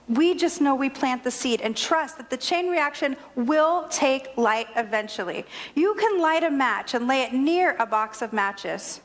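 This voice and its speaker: A woman's voice: high-pitched, fairly bright tone. A woman minister giving a sermon, telling a personal story with humor and animation. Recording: long hall reverb.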